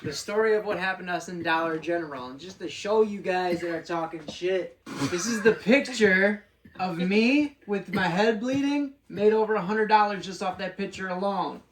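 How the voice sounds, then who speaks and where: Loud cussing woman telling a fight story on a podcast, roomy sound, kinda far from the mic. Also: medium pitch, moderate pace, background noise. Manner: brash, profane, animated when reenacting. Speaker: podcast guest. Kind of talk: casual storytelling. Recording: roomy, off-mic with faint ambience.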